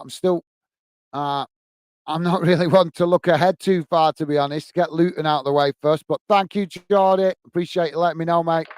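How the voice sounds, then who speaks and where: A man hosting a football watch-along stream, with a fairly high, smooth and clear voice. He chats casually with viewers, reads out their comments and gets easily frustrated. The sound is dry and close, with no room echo. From England. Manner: chatty, easily frustrated, thanks viewers by name. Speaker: football channel host. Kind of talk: live match watch-along, reading out chat.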